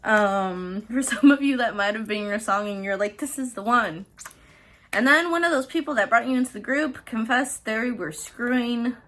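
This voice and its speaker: A woman's voice: fairly high pitch, moderate pace, hardly any pauses, a bit bright. Chatty, swearing woman reading tarot. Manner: chatty, profane, laughs often. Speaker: tarot reader and host. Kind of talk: casual pick-a-card tarot reading.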